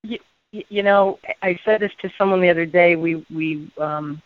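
A woman hosting a radio interview, chatty and quick to laugh, with quick asides. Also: fairly low pitch, no room sound, narrow, tinny audio. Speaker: radio show host.

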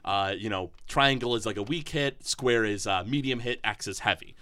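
A man's voice: fairly low pitch, moderate pace, sharp tone, clear, resonant tone. A man co-hosting a casual podcast, talking enthusiastically and rambling with lots of fillers. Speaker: podcast co-host.

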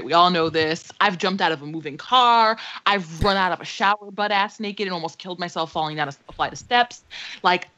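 A woman's voice: medium pitch, a bit bright. A young adult woman co-hosting a podcast, telling a dramatic, profane story in casual chat. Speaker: podcast co-host. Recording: slightly dull lo-fi sound.

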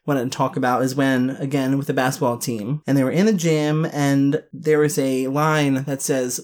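A woman co-hosting a podcast in casual chat, animated and playful. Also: a bass voice, normal speed. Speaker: podcast co-host.

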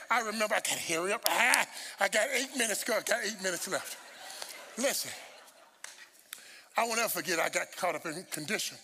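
A man preaching a sermon, telling stories with humor and repeating words when he rushes. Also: sits high, long reverb tail, slight background noise. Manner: animated storytelling with humor.

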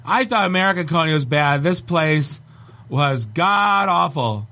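A man's voice: a little high, unhurried. Wry Canadian-raised man reading reviews. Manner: wry, riffing, deadpan asides. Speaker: podcast host. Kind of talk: comedic review reading and banter.

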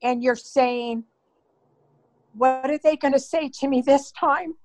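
A woman's voice: high voice, fairly even intonation, darkish tone, poor audio. An older woman, the host's mother, earnestly recounting a personal story in an emotional way. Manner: earnest, slow, emotional retelling. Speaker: guest, mother of the host.

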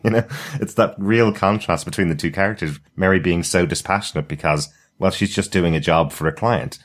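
A man co-hosting a casual review podcast, talking in an animated way and laughing as he goes. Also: low-pitched, a little fast. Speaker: podcast co-host.

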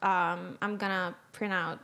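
A woman's voice: lowish voice, level tone, unhurried, fairly bright tone. A young woman from Serbia with a Serbian accent, chatting casually as a guest and telling stories with many fillers. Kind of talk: casual chat.

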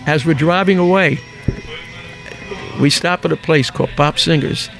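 Older philly guy, fast storyteller, slightly high voice, soft music behind. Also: vocal fry. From Philadelphia. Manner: lively raconteur, acts out quotes, rattles off names. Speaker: guest. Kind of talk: anecdotal storytelling in an interview.

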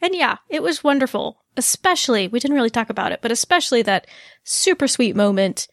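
A woman co-hosting a chatty podcast, her voice sitting a bit high. She is animated and laughs easily. Her sound is dry and close, with no room around it. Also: brisk, dry recording. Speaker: podcast co-host. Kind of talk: casual chat.

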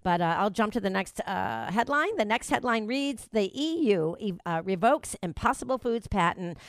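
A woman's voice: mid-range voice, no room sound. A woman hosting a talk show, chatting in a rambling way with many restarts and fillers. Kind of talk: casual talk show chat.

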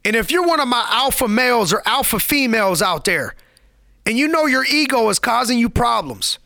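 High-voiced, gravelly motivational speaker man. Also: very animated, normal speed, bright, forceful tone, no echo, clean studio sound. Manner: preachy, emphatic repetition; street-casual slang. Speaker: motivational podcast host. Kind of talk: motivational monologue.

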